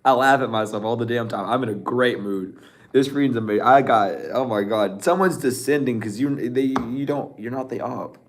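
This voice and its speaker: A man giving a casual tarot reading, teasing and laughing often, blunt and profane, with a throat that sounds a bit rough. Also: mid-range voice, moderate pace. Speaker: tarot reader.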